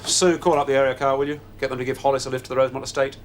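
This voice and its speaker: An actor playing a dry, deadpan male desk sergeant in a 1990 TV police drama. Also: mid-range voice, very fast, a little hiss or hum, natural voice. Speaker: station sergeant.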